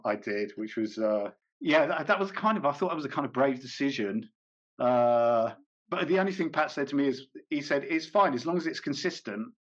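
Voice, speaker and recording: A man being interviewed as a comedian and actor, talking casually and hesitantly with many fillers, restarts and small laughs. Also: mid-range voice. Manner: rambling, hesitant, frequent fillers and self-corrections, laughs often. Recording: dull lo-fi recording.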